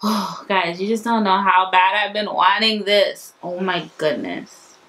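A woman vlogging with breathless excitement, repeating herself as she talks. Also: medium pitch, unhurried, rough recording. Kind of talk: casual vlog.

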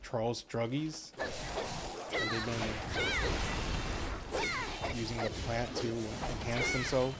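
A man's voice: mid-range voice, fairly even intonation, slow, long pauses, loud music behind the voice. A man commentating on his gameplay casually and musing aloud. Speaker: let's play gamer.

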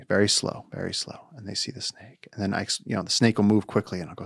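Male podcast guest, thirties, low gravelly voice, dry close sound, animated storyteller who acts out quotes. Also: quick pace, hardly any pauses, no room sound. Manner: animated storyteller acting out quotes, swears casually. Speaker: podcast guest, wildlife conservationist. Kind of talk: casual storytelling chat.

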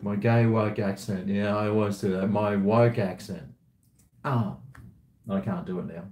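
A man talks slowly in a low, mellow voice on a casual live stream from home. He rambles and swears freely. His voice rings around an echoey room. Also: steady tone.

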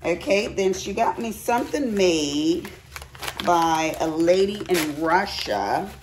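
A woman's voice: on the low side, animated, takes it slowly, noisy background. A middle-aged woman, chatting casually to viewers in a craft haul vlog at home, folksy and chatty. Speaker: crafting vlogger. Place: at home, bedroom.

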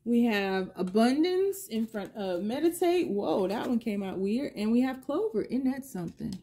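A woman's voice: on the high side, expressive, moderate pace, mellow. A middle-aged woman giving a collective tarot reading, musing aloud and asking the universe the same questions again and again as she pulls cards. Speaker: tarot reader.

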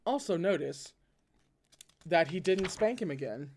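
A man's voice: fairly high pitch, animated, measured pace, darkish tone, slight background noise. A man reading a novel aloud and breaking off into casual commentary. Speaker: reader and commentator.

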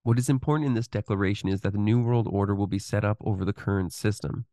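Low-voiced guy reading stuff out on a podcast, slow and deliberate, then rambling with ums, dead dry sound. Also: mellow, no echo. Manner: deliberate reading, halting with fillers when speaking freely. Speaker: podcast host. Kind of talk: reading a text aloud with commentary.

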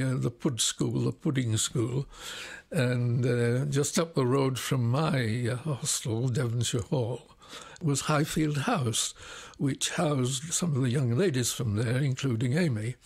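A man in his nineties recalling his life in an unhurried interview, often pausing with "uh". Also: medium pitch, creaky, darkish tone, husky. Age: 90s. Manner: unhurried storytelling, frequent pauses with "uh". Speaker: interviewee, retired scientist and magician. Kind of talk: reminiscing interview.

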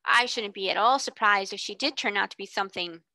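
A woman voicing a gossipy, excitable schoolgirl in a storybook reading, full of eager, breathless gossip. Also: mid-range voice, brisk, no room sound. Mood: excited.

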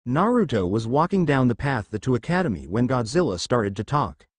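A man reading a fan fiction story aloud as narrator, with an even storytelling delivery. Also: medium pitch, normal speed, no echo.

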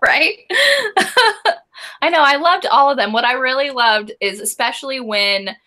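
A woman's voice: high voice, a little slow, bright, forceful tone. A woman co-hosting a casual book club discussion, chatty and giggly, reading out listener comments.

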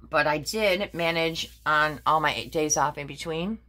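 An older woman crafting vlogger chats casually as she shows off her projects, rambling with plenty of fillers and self-corrections. Her voice is low, sharp and a little slow, with a slight hiss or hum on the recording.

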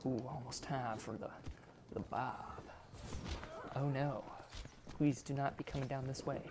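A man giving casual, excitable gameplay commentary, laughing and easily distracted as he plays. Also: medium pitch, unhurried, pauses often. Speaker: gaming YouTuber.

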